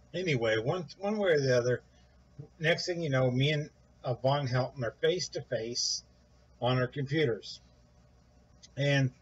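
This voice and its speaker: A man casually telling a rambling story, animated, quoting others in a raised voice, with a husky voice. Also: medium pitch, dull audio. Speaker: guest recounting events.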